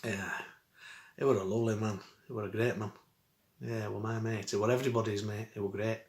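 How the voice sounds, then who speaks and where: A man's voice: fairly low pitch, level tone, a little fast. A middle-aged man telling a rambling, chuckling story in dialect for his vlog. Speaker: vlogger. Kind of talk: casual storytelling. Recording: roomy echo.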